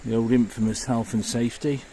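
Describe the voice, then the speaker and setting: Male outdoor history vlogger, mid pitch, slow, enthusiastic, faint outdoor ambience. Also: little pitch movement, warm tone, slight background noise. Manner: enthusiastic, marvelling. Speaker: walking vlogger. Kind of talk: walking history vlog narration. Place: outdoors by a river and woodland path.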